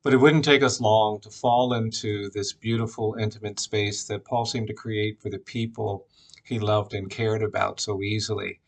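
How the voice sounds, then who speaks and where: Gravelly-voiced man telling a personal story. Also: fairly low pitch, fairly even intonation. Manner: reflective, unhurried, frequent "uh" fillers. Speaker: memorial speaker.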